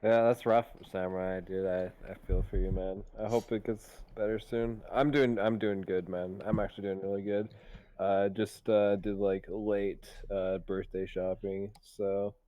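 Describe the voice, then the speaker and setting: A man's voice: fairly low pitch, flat delivery, normal speed, mellow, lo-fi sound. A young male player chatting in a laid-back, sympathetic way. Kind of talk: casual chat over voice call.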